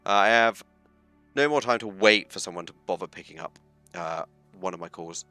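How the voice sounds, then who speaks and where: A man's voice: low-pitched, moderate pace, bright, forceful tone, faint music behind. A man streaming a story game, reading its text aloud with chatty, self-mocking asides.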